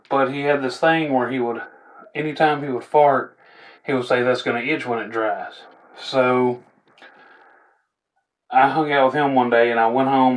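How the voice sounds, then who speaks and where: A young man, telling funny stories in a rambling, laid-back way with chuckling asides. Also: medium pitch. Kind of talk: casual storytelling.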